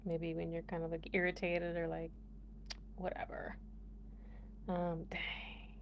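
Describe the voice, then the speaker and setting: A woman's voice: fairly low pitch, completely flat delivery, slow, gravelly, highs cut off, slight background noise. A young American woman chatting casually to her viewers, playful and laughing often as she talks. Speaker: vlogger. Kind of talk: casual chat to camera.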